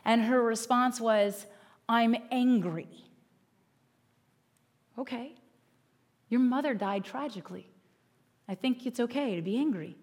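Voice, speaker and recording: A woman's voice: a little high, moderate pace, pauses often, husky. A woman pastor giving a sermon in an earnest, conversational way.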